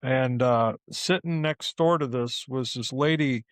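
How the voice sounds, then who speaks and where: A man's voice: mid-range voice, unhurried, no echo. A man who works as a ghost tour guide, telling a story casually and acting out the people in it. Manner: animated, acts out the people in his stories.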